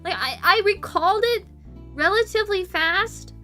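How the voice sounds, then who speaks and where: A woman's voice: extremely high pitch, expressive, normal speed, sharp tone, faint music behind. A young woman from the United States, chatting casually on a stream. She rambles, giggles, swears casually and pokes fun at herself. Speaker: VTuber streamer.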